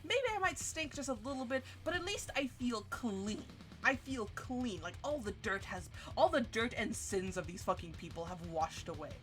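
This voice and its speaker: A woman streamer telling a story in a casual, animated rant full of swearing, with big jumps in pitch. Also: normal speed, hardly any pauses. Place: home streaming setup. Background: faint music.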